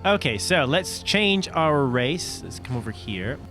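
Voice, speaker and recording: A man co-hosting a gaming video, giving giggly, excitable casual commentary. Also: mid-range voice, a little slow, music in the background.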